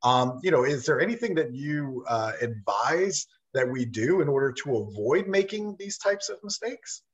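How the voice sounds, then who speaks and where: A man's voice: medium pitch, big pitch swings, moderate pace, muffled recording. A man hosting an interview, giving brief affirmations and asking polite questions. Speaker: host. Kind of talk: casual interview.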